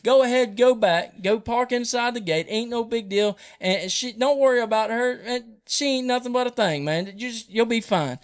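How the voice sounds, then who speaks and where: A man voicing a smooth-talking rural con man with easygoing, reassuring patter. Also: very high voice, normal speed, hardly any pauses, voice pushed up.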